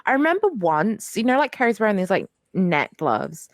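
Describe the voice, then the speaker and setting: A woman's voice: mid-range voice, very animated, normal speed, no room sound, studio quality. A young woman co-hosting a podcast in casual chat, rambling with lots of fillers and casual swearing. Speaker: podcast co-host.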